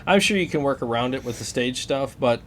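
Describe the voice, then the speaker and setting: A co-host on a casual live stream, relaxed and joking, asking follow-up questions. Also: medium pitch, a little fast, a little hiss or hum. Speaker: co-host, gear reviewer.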